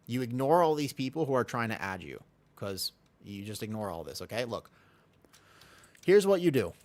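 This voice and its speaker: A man's voice: mid-range voice, big pitch swings, normal speed, darkish tone. Man, game streamer, casual stream chat, emphatic, repetitive, profane. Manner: talks to chat and friends while teaching.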